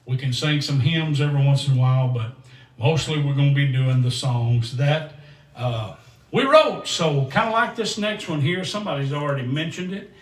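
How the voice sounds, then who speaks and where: A man hosting a gospel country livestream, chatting in a folksy, rambling way and reading out viewers' names while a little excited and sweaty. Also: a little high, moderate pace. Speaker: host and singer of a gospel country show. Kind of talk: livestream chat between songs. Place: standing up in a room. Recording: roomy echo, distant mic, guitar music.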